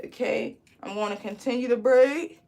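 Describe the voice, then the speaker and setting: A loud young woman runs a live online braiding class. She talks in a chatty, encouraging way, reading viewers' comments aloud as she works. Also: a little high, normal speed, vocal fry. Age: 20s. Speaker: braid instructor.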